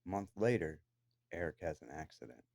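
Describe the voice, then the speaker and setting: A man's voice: sits low, expressive, brisk, a little mellow, dry recording. A man delivering an angry, profane, accusatory rant to the camera from his own room downstairs in a house. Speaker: vlogger.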